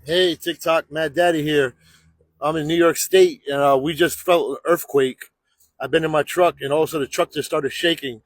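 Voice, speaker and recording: A man's voice: fairly high pitch, fairly even intonation, moderate pace. A man recording a casual update from his truck in a laid-back way, addressing his followers.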